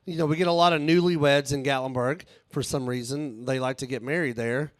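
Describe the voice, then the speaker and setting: A man's voice: mid-range voice, fairly even intonation, fairly quick, no echo, clean studio sound. A man doing a rambling, crude stand-up set on a live stage, laughing at his own jokes. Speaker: stand-up comedian and author.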